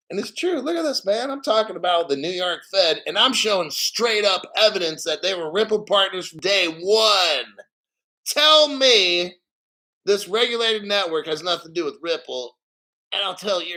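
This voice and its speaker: A man with a fairly high, sharp-toned voice hosts a crypto channel, reading an article aloud and adding boastful, profane commentary. He laughs but grows emotional, close to tears, and the audio quality is poor.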